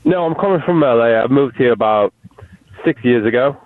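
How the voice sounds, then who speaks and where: A male caller from who speaks calmly and matter-of-factly. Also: medium pitch, fairly quick, dry recording. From London. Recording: dry phone line.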